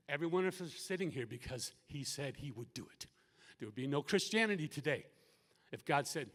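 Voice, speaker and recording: A man giving an emotional sermon-style testimony at a live event, moving from hushed, halting storytelling to loud, impassioned pleading, repeating and restarting his words. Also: fairly high pitch, lively intonation, in a large hall. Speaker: speaker at a concert.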